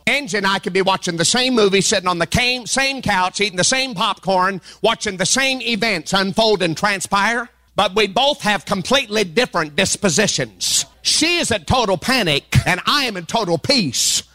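A male pastor preaching a sermon to a church congregation, calling for amens and building to fervent shouts. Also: sits high, expressive, moderate pace, hardly any pauses.

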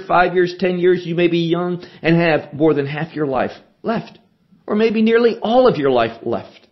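A man in his sixties preaches in a slow, deliberate way, pressing each point with earnest emphasis. His voice sits a little high for a man, and the broadcast sound is dull and lo-fi. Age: 60s. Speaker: Bible teacher. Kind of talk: radio sermon teaching.

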